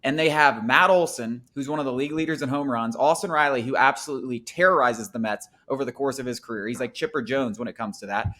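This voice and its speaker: A man's voice: medium pitch, quick pace, hardly any pauses, pushed and bright. A man hosting a sports talk show, ranting in an emphatic, exasperated way.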